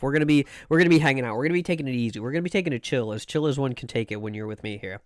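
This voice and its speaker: A man's voice: medium pitch, racing, hardly any pauses, no echo, clean studio sound. A man streaming live, greeting chat in a sing-song chant and rambling playfully, often stammering and repeating words.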